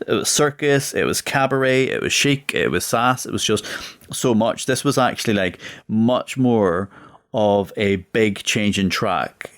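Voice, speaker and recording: A man in his thirties co-hosting a casual podcast chat, talking in an animated, emphatic way. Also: lowish voice, measured pace. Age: 30s. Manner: animated, emphatic, acts out quotes. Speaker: podcast co-host.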